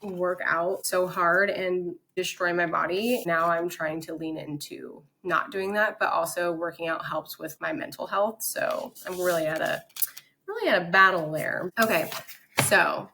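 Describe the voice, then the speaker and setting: A chatty young woman talks through an oracle card reading. She reads the card text aloud in a slightly low voice and breaks off into excited asides. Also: a little slow, gravelly. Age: young adult. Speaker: spiritual content creator.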